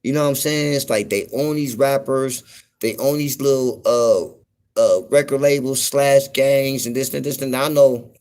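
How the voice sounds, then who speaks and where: A man from the US West Coast talking casually on a livestream, slow and laid-back, constantly saying "you know what I'm saying". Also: mid-range voice, a little mellow, clean tone. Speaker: livestream host.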